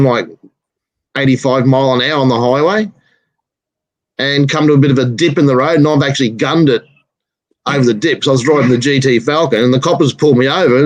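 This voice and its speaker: Blunt swearing bloke, dry sound. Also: male voice, mid-range voice, dry recording, poor audio. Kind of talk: casual storytelling.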